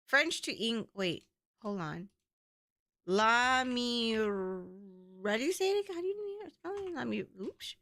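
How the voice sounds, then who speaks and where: A woman's voice: on the high side, lively intonation, unhurried, fairly bright tone, no room sound. A young woman chatting playfully and giggling with her viewers while streaming a game. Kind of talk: casual livestream chat.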